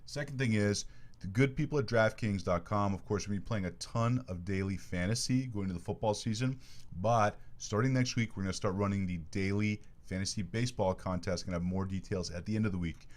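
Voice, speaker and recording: A man's voice: fairly low pitch, fairly quick. A man hosting a sports podcast from a studio, chatty and jokey, running through plugs in a casual way. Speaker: podcast host.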